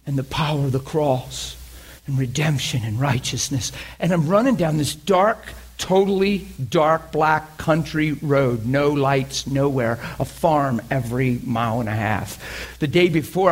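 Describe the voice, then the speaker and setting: A man preaching, telling a personal story with animated energy and frequent laughter. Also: on the high side, a little slow, slightly rough. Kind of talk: sermon storytelling.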